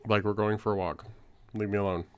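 A man's voice: fairly low pitch, steady tone, fairly quick, clear, resonant tone, no echo. A man co-hosting a podcast in casual chat, making dry, sarcastic quips. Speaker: podcast co-host.

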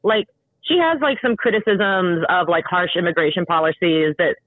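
A man's voice: sits high, moderate pace, no room sound. Man on a tinny, phone-like line. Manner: filler-heavy, hesitant. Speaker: podcast co-host. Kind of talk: casual chat.

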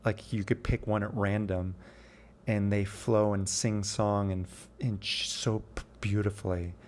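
Talking alone in a loose, meandering way, this fifties-aged poetry show host keeps stopping to fix or restart his sentences. He has a lowish, somewhat mellow voice with a flat, unhurried delivery.

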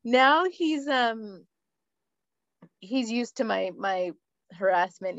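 A woman's voice: a little high, lively intonation, takes it slowly, dull audio, heavy background noise. A woman co-hosting a podcast, telling stories in casual chat, swearing freely and laughing as she talks. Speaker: podcast co-host.

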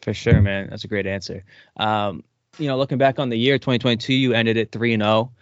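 Male interview host, deep monotone, dull dry recording. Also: a little fast, no echo. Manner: laid-back, affirming with short backchannels. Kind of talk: casual interview hosting.

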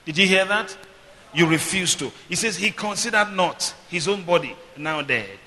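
A man preaching a sermon as pastor, leading call-and-response and swinging between loud proclamation and quiet teaching. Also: high-pitched, animated, normal speed, big-room sound.

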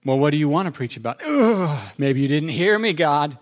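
Animated man preaching a sermon. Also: on the high side, normal speed. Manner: animated, acts out both sides of conversations with God. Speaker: pastor.

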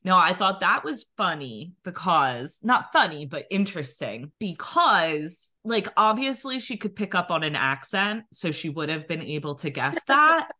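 A woman with a Philadelphia accent tells a long personal story on a podcast, dropping "like" into almost every phrase. Her voice sits low yet sounds crisp and bright. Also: very animated, unhurried, hardly any pauses. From New Jersey near Philadelphia. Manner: chatty storytelling, many "like" fillers. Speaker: podcast co-host. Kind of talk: casual chat.

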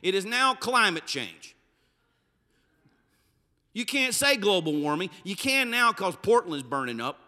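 A preacher delivering a sermon with a high, piercingly bright voice. He swings from loud, forceful bursts down to low, hushed phrases. The sound rings with a long reverb. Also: sing-song, a little slow, long pauses. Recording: reverberant hall.

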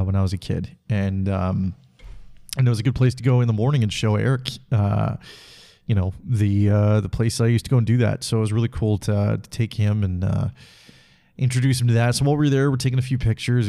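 A man's voice: lowish voice, dark tone. A man hosting a reflective solo podcast, rambling through stories with lots of filler words. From Canada. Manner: rambling, heavy with filler words, laughs while telling stories. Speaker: podcast host.

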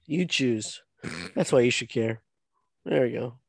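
A man's voice: medium pitch, a little slow, vocal fry, slightly rough, no room sound, studio quality. A man co-hosting a podcast over a video call, giving short replies with hesitant fillers. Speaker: podcast co-host. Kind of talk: casual chat.

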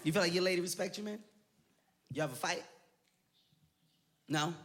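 High pitched comedian guy telling a wild story live, crowd loud, noisy room. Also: moderate pace. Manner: excitable, animated, breaks into laughter, acts out voices. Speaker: stand-up comedian. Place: large venue with live audience.

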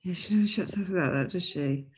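A woman from Britain co-hosting a relaxed podcast and reading listener letters aloud. Her voice is husky and sits a little low, and she hesitates and fills gaps as she talks. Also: quick pace, highs cut off. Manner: chatty, hesitant with fillers. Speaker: podcast co-host. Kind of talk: casual chat, reading listener mail.

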